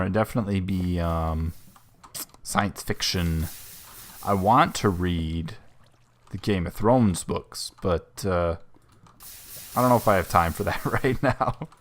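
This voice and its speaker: Low-voiced young man, rambling game commentary. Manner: rambling, self-correcting, relaxed. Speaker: host. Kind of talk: casual gaming commentary.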